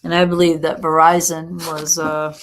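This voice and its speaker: A woman's voice: deep voice, little pitch movement, moderate pace, a little hiss or hum. A woman hosting a casual live tarot reading, chatty and encouraging, often breaking into laughter. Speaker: tarot reader host.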